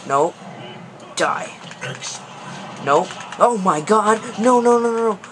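Young male gamer, higher voice, slow delivery, panicky outbursts, noisy background. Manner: excitable, panicky pleading and yelling at the game. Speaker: gaming video host. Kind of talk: gameplay commentary.

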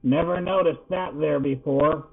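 A man's voice: on the high side, unhurried. A man voicing a grumpy, demanding old male porcupine who grumbles his words. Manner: gruff, grumbling. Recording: tinny phone-like sound.

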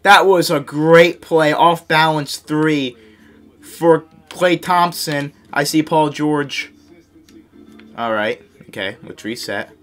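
Faint music plays behind a young man who slowly narrates his basketball video game live for his YouTube audience. His voice is high and light; he's excitable, shouts at the big plays, chides his teammates and mocks his own errors.

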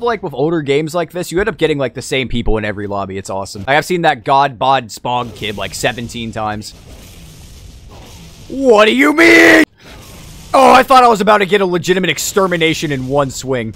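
A young man giving casual, excitable commentary while playing a video game at home, often shouting at game moments. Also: fairly high pitch. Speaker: gaming video creator. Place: home room.

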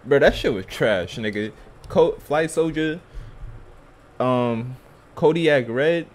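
A man's voice: mid-range voice, slow. A young man hosting a YouTube reaction video, talking casually in heavy slang with blunt, scornful remarks. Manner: slangy, keeps tagging lines with "feel me".

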